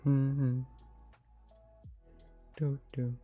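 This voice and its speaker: A man's voice: medium pitch, monotone, very slow. Smug old dragon mage guy with a lisp and weird dragon accent, a man putting it on, rambly and cheeky, faint music behind. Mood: playful. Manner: rambling, playful, self-amused asides. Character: ancient male dragon mage, smug and mischievous. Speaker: streamer. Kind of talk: in-character live stream chat. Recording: slightly dull stream audio, faint music.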